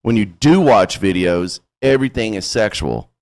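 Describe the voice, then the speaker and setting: A man's voice: on the low side, animated, normal speed, a little mellow. A man hosting a podcast in casual chat, blunt and profane, ranting with laughs. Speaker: podcast host.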